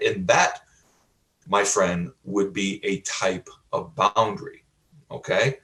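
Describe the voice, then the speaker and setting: A man teaching like a pastor, emphatic and repetitive, asking rhetorical questions and often adding "okay?", with frequent throat clearing. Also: low voice, fairly even intonation, slow, fairly bright tone. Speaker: pastor and life coach. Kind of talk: teaching sermon. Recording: roomy, from a distance.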